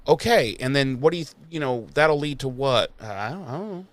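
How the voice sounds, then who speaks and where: A man's voice: mid-range voice, animated, moderate pace, a bit bright, no echo. A man hosting a podcast, recapping an episode in a rambling, sarcastic and profane casual chat. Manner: rambling, sarcastic, swears freely. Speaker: podcast host.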